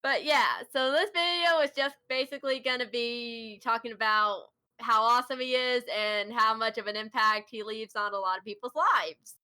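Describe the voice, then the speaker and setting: A woman hosts a casual chat with a fairly high, bright and punchy voice. She gushes with eager enthusiasm and giggles often as she praises someone she admires. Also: normal speed, few pauses, clear, resonant tone. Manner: enthusiastic, giggly fan talk. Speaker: host.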